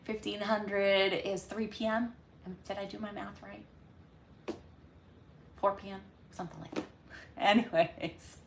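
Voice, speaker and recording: A woman hosting a casual livestream from home, rambling through her weekly recap with lots of ums and pauses. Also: medium pitch, little pitch movement, a little hiss or hum. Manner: rambling, chatty, many ums. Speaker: livestream host. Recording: echoey room.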